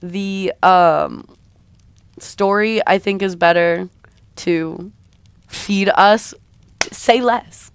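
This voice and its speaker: A woman's voice: mid-range voice, drawn-out words, vocal fry, long pauses, clear, resonant tone, dry recording. A woman streamer with a slightly raw voice, chatting casually with her viewers in a rambling, hesitant way. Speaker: streamer and artist. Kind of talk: casual live-stream chat.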